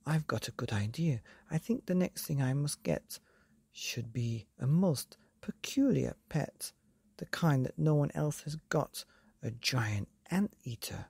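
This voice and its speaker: A woman voicing an eager, excitable father in a bedtime story. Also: sits low, measured pace, vocal fry, breathy edge, no echo, heavily acted. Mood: excited.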